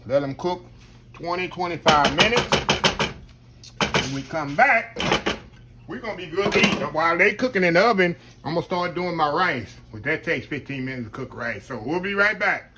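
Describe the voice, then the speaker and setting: A man hosting a casual home cooking vlog, talking warmly to his viewers and calling them "y'all". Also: fairly high pitch, expressive, normal speed, background noise. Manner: chatty, often addresses viewers as "y'all". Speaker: cooking channel host. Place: home kitchen. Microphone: camera on tripod.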